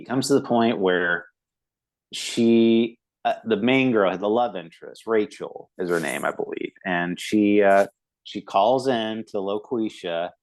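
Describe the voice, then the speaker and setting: A man's voice: on the low side, poor audio. A man co-hosting a movie review podcast, talking casually with many fillers and acting out quoted lines. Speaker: podcast co-host.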